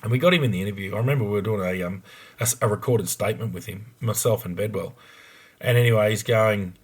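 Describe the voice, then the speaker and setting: Blunt Australian man, lowish voice. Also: fast, slightly rough. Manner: blunt and frank, with a lot of ums and restarts. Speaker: former police investigator. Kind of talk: casual podcast storytelling.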